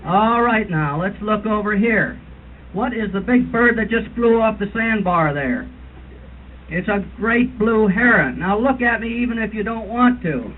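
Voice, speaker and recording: A man's voice: high voice, lively intonation, measured pace. A man doing a comic roast impression of a fussy older birding tour leader, lecturing in a mock-authoritative way and imitating bird calls. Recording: tinny lo-fi 1970s tape with hiss.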